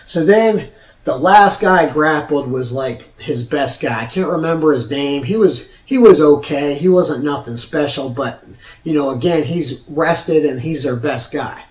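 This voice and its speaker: A man's voice: fairly high pitch, measured pace, distant mic. A man hosting his own show, telling a personal story in a rambling, profane way with many restarts. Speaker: show host. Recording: roomy sound from off mic.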